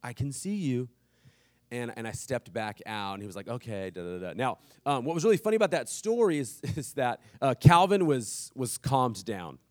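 A man's voice: mid-range voice, very animated, moderate pace, a little mellow, dry recording, studio quality. A man in his thirties preaching a sermon, telling a family story casually and with humor. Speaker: pastor.

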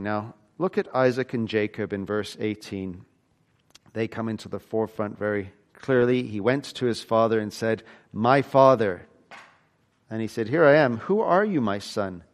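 A man preaching a sermon, reading scripture aloud and explaining it, swinging between loud emphatic stretches and quiet low passages. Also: unhurried.

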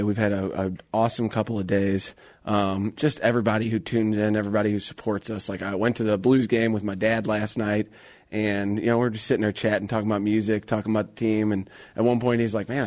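A man in his thirties co-hosting a radio talk show, earnest and excitable, with slangy casual chat in a studio. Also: on the low side. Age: 30s.

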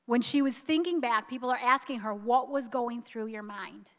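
A woman preaching a sermon, telling a story with emphasis and slowing down on key lines, at times choked up with emotion. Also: fairly high pitch, fairly bright tone, long reverb tail.

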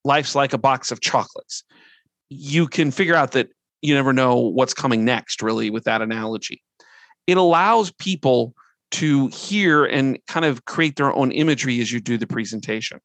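A middle-aged man giving a conversational training presentation, earnest and relaxed as he walks through his points one by one. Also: medium pitch, normal speed, no room sound.

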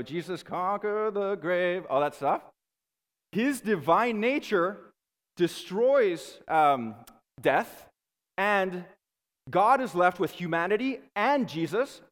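A man giving a classroom lecture to students in a lively, conversational way, often checking in with his listeners. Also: high voice, big-room sound.

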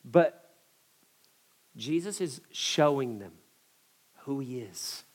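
A man preaching a sermon, telling a story in an animated way and swinging from loud emphasis to hushed moments. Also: mid-range voice, extremely slow.

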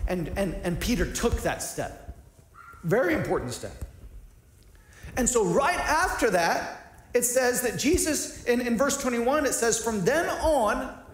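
Animated male pastor preaching in an echoey room. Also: sits high. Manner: animated, conversational preaching with many restarts. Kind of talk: sermon.

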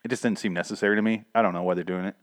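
Young male podcaster, deep-ish voice, dry close sound, sarcastic and profane comic recapper. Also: fairly even intonation, no echo. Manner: sarcastic, profane, acts out characters in quick asides. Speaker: podcaster reviewing a TV episode. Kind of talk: casual comedic recap.

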